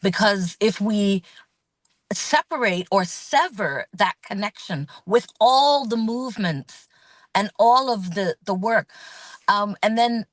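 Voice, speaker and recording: Woman guest talking thoughtfully, earnest and steady, dry sound. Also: medium pitch, slow pace, dry recording. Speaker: guest speaker. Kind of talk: reflective talk.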